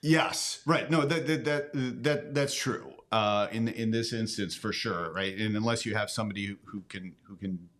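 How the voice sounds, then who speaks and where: A man's voice: lowish voice, moderate pace, few pauses, fairly bright tone. A man hosting a casual commentary, talking in a reflective, musing way. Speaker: host.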